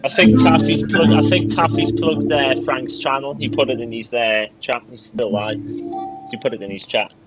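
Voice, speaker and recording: Young man, streamer, laid-back casual chat, muffled dull sound, loud guitar music. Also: mid-range voice, fairly even intonation, moderate pace. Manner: laid-back, says "aye" and "bloody hell", swears.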